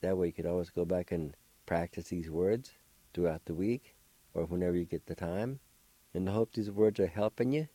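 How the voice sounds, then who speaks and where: Brief: middle-aged male radio language teacher, low mellow voice, slow, patient, repeats words. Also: dry recording. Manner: patient, spells words letter by letter and repeats them. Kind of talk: radio vocabulary lesson.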